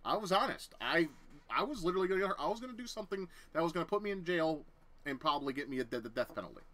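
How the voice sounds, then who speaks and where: A young man recounts his own story for a vlog in a casual, heated rant. His voice is very sharp and tense, sitting somewhat high for a man. He swears freely and speaks bluntly. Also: big pitch swings, rapid-fire. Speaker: vlogger telling a personal story.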